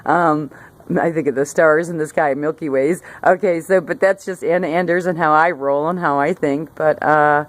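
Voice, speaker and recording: A middle-aged woman with a low voice talks to her camera outside by a hillside garden. She rambles and restarts her sentences, laughing now and then as she goes. It sounds like a relaxed chat about her day. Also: moderate pace. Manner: rambling, self-interrupting, laughs often. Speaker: vlogger. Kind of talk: casual talk to camera.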